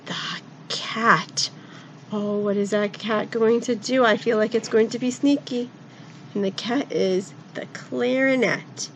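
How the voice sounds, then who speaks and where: A woman narrating a story for children in a playful, animated way, coaxing her young listeners to join in. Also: mid-range voice, slow pace, slight background noise, poor audio.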